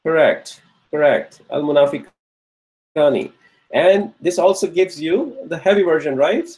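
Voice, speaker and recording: A man's voice: fairly high pitch, a little slow, darkish tone, poor audio. A man teaching an online Arabic grammar lesson, patiently repeating each answer, checking in with students and praising their replies.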